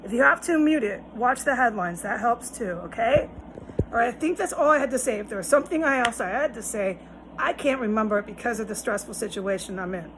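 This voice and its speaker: Woman ranting to her viewers, fairly high voice, swears a lot, keeps telling them to remember things. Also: expressive, a little fast, background noise. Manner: emphatic, swearing, lecturing, rambling. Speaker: vlogger. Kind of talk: direct-to-camera monologue.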